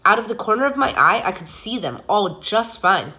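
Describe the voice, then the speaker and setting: A woman teacher reads a novel aloud in a bright, clear voice. Her narration is steady and expressive, with an even, moderate pitch for a woman. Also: moderate pace.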